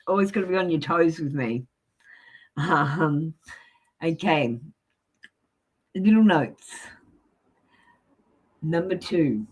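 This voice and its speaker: A woman's voice: fairly low pitch, a little mellow. A woman with an Australian accent giving a live tarot card reading, chatting to viewers and reading card meanings aloud from a book. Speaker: tarot reader.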